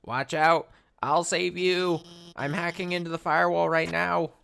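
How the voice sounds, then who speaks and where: A man voicing a nerdy, anxious female lizard scientist, talking quick and earnest. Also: fairly high pitch, little pitch movement, creaky, bright, forceful tone, a little hiss or hum, pitched above the performer's own voice, exaggerated voice. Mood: defiant.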